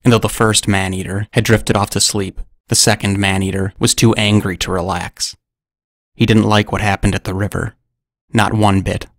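Man reading out a story, deadpan, gravelly and flat, dry close mic. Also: on the low side, normal speed, no room sound. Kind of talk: scripted narration.

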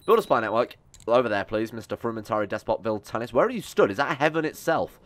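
A man's voice: medium pitch, expressive, fast. A young man giving casual, chatty gameplay commentary, sarcastic and swearing as he talks back to the game's characters. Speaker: gaming YouTuber.

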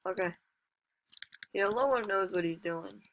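A woman casually commentating her own online gameplay as a channel host, chatty and excitable, with sudden exclamations and self-mocking remarks. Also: mid-range voice, measured pace, a little hiss or hum.

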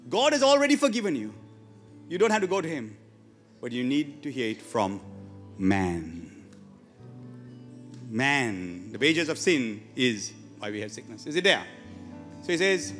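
A man's voice: mid-range voice, big pitch swings, measured pace, pauses often, a bit bright, in a large hall, soft background music. A man preaching a sermon to his church, emphatic and often asking the congregation questions. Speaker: pastor. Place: church hall.

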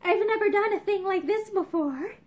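A woman's voice: very high-pitched, normal speed. A woman reading as a weary, guarded poor young woman. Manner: tired and flat, distressed.

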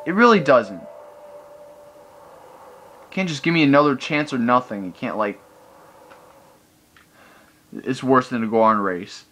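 Exasperated young male gamer, lively pitch. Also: a little slow, pauses often. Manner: exasperated ranting, frequent exclamations. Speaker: let's play gamer. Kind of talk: gameplay commentary. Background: video game music.

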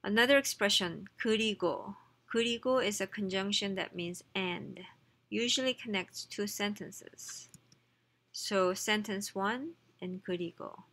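A woman teaching a textbook lesson, reading lines quickly, then explaining them slowly and chattily with small slips and self-corrections. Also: medium pitch, fairly bright tone. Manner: reads Korean lines fast, then explains slowly in English. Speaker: Korean language teacher.

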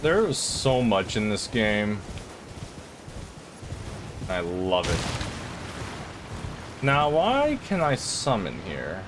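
A young man giving casual, rambling commentary as he plays a video game, talking to himself with sudden excited outbursts. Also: medium pitch, slow pace, hardly any pauses, noisy background. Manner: chatty, rambling, self-talk with excited outbursts. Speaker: gaming channel host. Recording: game music playing behind. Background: game music.

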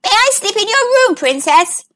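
A woman's voice: very high voice, sing-song, normal speed, sharp tone, pitched above the performer's own voice, full character voice. A woman voicing a friendly, eager little male frog in a storybook, asking politely and pleadingly.

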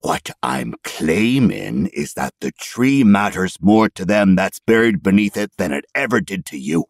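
A man's voice: a bass voice, animated, breathy edge, no echo, studio quality, heavily acted. A man voicing a scrawny, humpbacked male goblin who talks in a growling, rustic drawl, irritable and stubborn. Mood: snappish. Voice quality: growling, rustic folksy speech. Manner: snappish, then slow and brooding.

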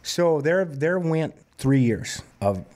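A man in his fifties from Montana, a singer-songwriter telling plainspoken stories in a relaxed interview. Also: a little high, slow. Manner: relaxed, plainspoken anecdotal storyteller. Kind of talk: conversational storytelling interview.

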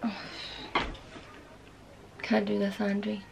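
A woman's voice: medium pitch, completely flat delivery, drawn-out words, creaky, noisy background. A woman guest on a vlog, flustered and giggly as she tries to record an intro. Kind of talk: casual chat, giggly attempts at an intro.

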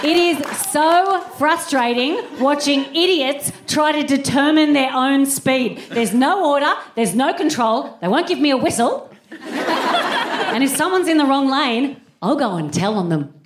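A woman on a roomy live stage, her voice sitting a touch above the usual pitch. She does stand-up in a brash, sweary, self-mocking way. Audience noise is plainly heard behind her. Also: lively intonation, measured pace, a faint crowd. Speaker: stand-up comedian and co-host. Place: large arts-centre venue with a live audience.

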